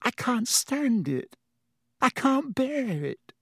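A man reading an audiobook, voicing a frightened teenage girl who pleads in a breathy whisper. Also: very high voice, big pitch swings, takes it slowly, fairly bright tone, no echo, voice pushed up, exaggerated voice. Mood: pleading. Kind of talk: audiobook character voice.

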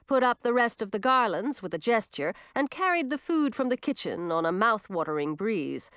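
Expressive woman reading a storybook. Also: medium pitch, clear, resonant tone, dry recording, studio quality. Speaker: narrator. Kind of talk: storybook narration.

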